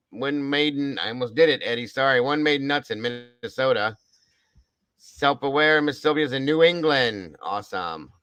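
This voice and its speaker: The clip is roughly recorded, though his medium-pitched voice has a clean tone and no echo. He's a livestream host from Ohio, cheerfully reading out viewers' locations in a chatty way, with swearing thrown in casually.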